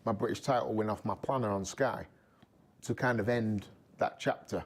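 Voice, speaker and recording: A man's voice: lowish voice, steady tone, moderate pace. A man in his thirties talking frankly and reflectively as a studio guest, often repeating words as he goes. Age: 30s. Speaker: studio guest, former athlete. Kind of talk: casual interview talk.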